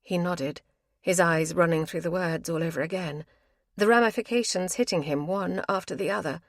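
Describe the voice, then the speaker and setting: Her voice leans low as she narrates an audiobook from a script at a measured, even pace. No room sound comes through; it's a clean studio recording.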